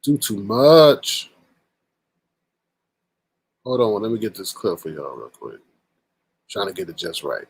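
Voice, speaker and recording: A man's voice: lowish voice, very animated, slow pace, gravelly, pauses often, breathy edge, no echo. Emphatic man narrating commentary, dry sound. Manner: emphatic, repeats his points. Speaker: commentary host. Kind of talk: casual commentary over clips.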